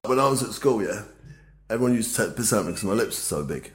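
Middle-aged man, fairly low voice, brash and sweary, casual podcast guest. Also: animated, rapid-fire, soft background music. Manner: loud, laddish and swearing. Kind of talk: casual chat.

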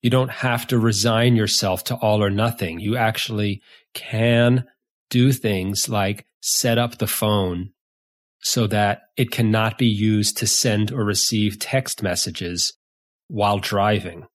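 Male podcast host, low voice, unhurried and earnest solo intro. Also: fairly even intonation. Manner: measured, earnest, explanatory.

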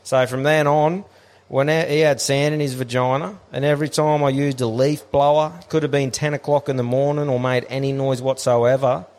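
A young man on a casual podcast, spinning a crude story with plenty of swearing. He laughs often and keeps a loose, storytelling flow at an ordinary, mid-range pitch. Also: level tone, normal speed, darkish tone, big-room sound. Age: young adult. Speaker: podcast co-host.

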